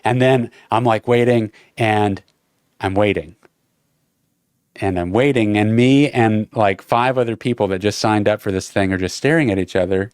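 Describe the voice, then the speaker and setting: A man co-hosting a podcast, telling a story in casual chat with an animated manner and some swearing. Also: lowish voice, normal speed, clear, resonant tone, dry recording, studio quality. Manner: animated, swearing, breathless retelling. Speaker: podcast co-host.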